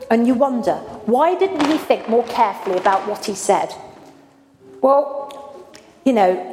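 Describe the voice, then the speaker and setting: Woman preacher, higher voice, chatty sermon, long church reverb. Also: darkish tone, a little hiss or hum. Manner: conversational, asks the congregation questions. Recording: echoey church hall with faint ambience.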